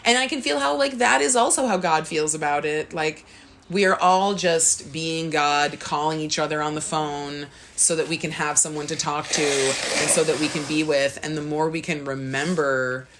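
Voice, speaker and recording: Podcast co-host, woman, low voice, earnest storyteller who acts out her inner voice. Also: normal speed, noisy background. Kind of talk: casual spiritual chat.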